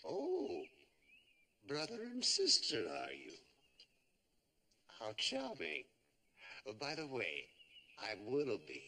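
A whimsical, sing-song eccentric. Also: male voice, mid-range voice, huge pitch swings, takes it slowly, gravelly, pauses often, sharp tone, heavily acted. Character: whimsical, timid servant to a plant ruler. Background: orchestral score.

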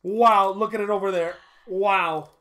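A man's voice: sits high, fairly even intonation, a little slow, pushed and bright. A young man hosting a casual trading-card opening video, upbeat and chatty as he calls out each card. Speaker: card-opening channel host. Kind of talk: casual pack-opening commentary.

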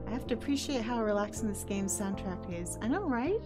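A woman's voice: medium pitch, animated, brisk, hardly any pauses. A woman streamer making casual, joking commentary while playing a game. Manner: joking asides, laughs. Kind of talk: casual let's-play commentary. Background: game soundtrack music.

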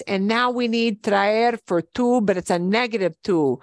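A woman's voice: mid-range voice, a little slow, no echo, studio quality. A woman teaching a beginner Spanish class, patient and repeating each form with emphasis. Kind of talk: online language lesson.

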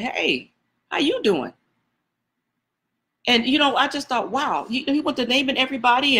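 A woman's voice: on the high side, a bit bright. A woman preaching a sermon in a conversational style, repeating phrases and talking directly to her listeners. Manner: conversational preaching with repetitions and asides to the congregation. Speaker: prophetess preaching.

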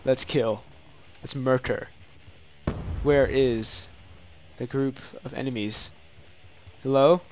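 A young man casually commenting while playing a shooter game, excitable and prone to loud yelps and mock-dramatic taunts. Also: mid-range voice, takes it slowly, pauses often, slight background noise. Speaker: gaming channel host. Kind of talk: live gameplay commentary.

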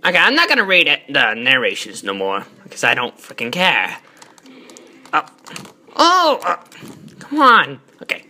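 A woman giving excitable, profane let's-play commentary, yelling at enemies and bantering in character as a god persona. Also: deep voice, unhurried, soft background music. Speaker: gaming channel host.

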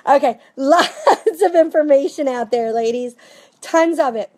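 An upbeat woman in her thirties with a high voice talks through tips for her sales team from home. She keeps it chatty and casual and tags her points with quick "okay?" and "right?" check-ins. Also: darkish tone. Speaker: direct sales team director. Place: home with family nearby.

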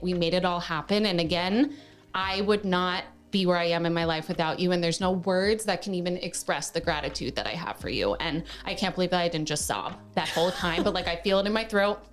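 A woman in her thirties hosting a podcast, talking in a casual, effusive and heartfelt way. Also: medium pitch. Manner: effusive, emotional, heartfelt gushing. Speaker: podcast host. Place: indoor room.

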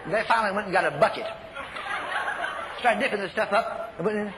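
An older man preaching a sermon, telling folksy stories and shouting commands. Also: high-pitched, brisk. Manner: folksy storytelling, shouts commands, repeats phrases. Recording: echoey hall, faint noise.

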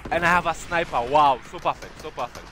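A man streaming a shooter game live, reacting loudly with shouts of disbelief and cocky trash talk. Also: fairly high pitch, brisk, over music. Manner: excitable, yelling "what?" and trash talk. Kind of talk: live gaming stream commentary. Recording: loud game gunfire behind voice. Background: game gunfire and explosions.

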